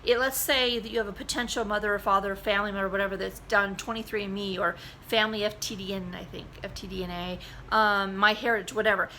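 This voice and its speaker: A woman's voice: mid-range voice, steady tone, fast talker, few pauses, sharp tone, slight background noise, rough recording. A middle-aged woman vlogger talking casually to the camera, rambling with many fillers and restarts.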